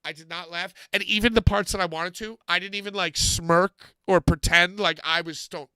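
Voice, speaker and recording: A man telling a story on a podcast, animated, swearing often and acting out moments. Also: high voice, normal speed, smooth, no echo. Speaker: podcast co-host. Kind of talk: casual comedic storytelling.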